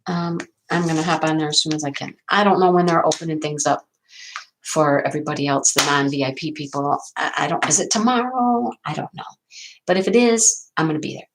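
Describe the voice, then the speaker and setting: A woman's voice: low voice, steady tone, a little fast, rough recording. A middle-aged woman hosting a casual livestream, rambling and chatty as she answers viewer comments. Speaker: livestream host.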